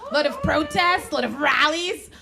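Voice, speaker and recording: A young woman from the Czech Republic with a Czech accent, performing a stand-up comedy set in a club, animated and laughing at her own jokes. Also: sits high, moderate pace, vocal fry. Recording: live club recording, audience noise.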